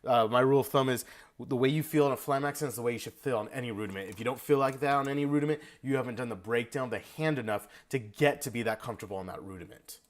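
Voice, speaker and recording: A man's voice: mid-range voice, racing. Casual male drum coach. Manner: casual, coaching, sings rhythms on syllables. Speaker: percussion instructor. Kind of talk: online drum lesson feedback.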